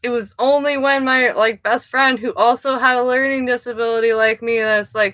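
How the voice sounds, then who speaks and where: A woman's voice: fairly high pitch, normal speed, hardly any pauses, fairly bright tone, dry recording. A woman giving a casual tarot reading who rambles off-topic, swears freely and laughs at herself. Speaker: tarot card reader.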